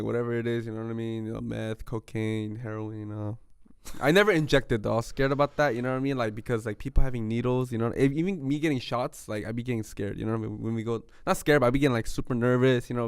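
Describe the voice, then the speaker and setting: Fast-talking slangy young man. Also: mid-range voice, clear, resonant tone, no room sound, studio quality. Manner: slangy, laid-back, lots of "you know what I'm saying". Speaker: podcast host. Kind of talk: casual podcast chat.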